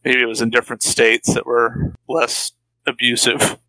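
A man co-hosting a podcast weighs in on an old film and the era it came from. His voice has a bright, forceful edge. The sound is close and dry, with no room around it. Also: medium pitch, level tone, normal speed, dry recording, low-quality recording. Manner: adds context and commentary on the film's era. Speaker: podcast co-host. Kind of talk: casual film-discussion chat.

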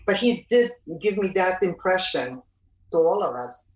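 Middle-aged woman, personal testimony, halting delivery, slightly low, recorded distant and roomy. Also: animated. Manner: halting, many fillers and restarts. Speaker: storyteller recounting a pilgrimage. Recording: roomy, from off the mic.

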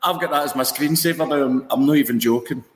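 A man's voice: mid-range voice, quick pace. A man chatting enthusiastically and laughing as he gives praise. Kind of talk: casual chat. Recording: echoey room with long reverb.

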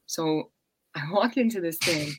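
A woman's voice: fairly low pitch, measured pace, background noise. A woman from Long Island with a New York accent, chatting casually as a guest and acting out stories with plenty of swearing. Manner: animated storyteller, swears freely, acts out quotes. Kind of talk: casual chat.

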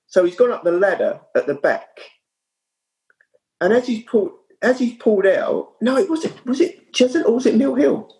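A man, a former kit man, telling anecdotes as a guest in casual chat, with lively storytelling. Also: extremely high pitch, moderate pace, low-quality recording. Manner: animated, lively storyteller with frequent restarts.

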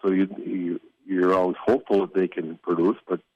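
Older guy, lowish voice, rambles and restarts telling old stories, dull dry audio. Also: flat delivery, brisk, dry recording. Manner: rambling, with frequent restarts and chuckles. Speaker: former hockey executive telling stories. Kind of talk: casual storytelling interview.

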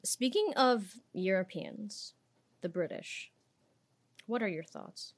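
A young woman co-hosting a chatty podcast, opinionated and dry. Her pitch sits at an ordinary middle height, and her sarcasm comes through in quick asides and playful put-on voices. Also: lively intonation. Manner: sarcastic, opinionated, mock accents. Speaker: podcast co-host. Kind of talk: casual chat.

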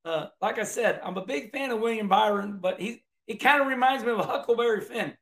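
A man's voice: high voice, brisk, fairly bright tone. A middle-aged man, chatting casually about a race in a folksy, rambling way, often restarting his words. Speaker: racing commentator. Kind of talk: casual video commentary.

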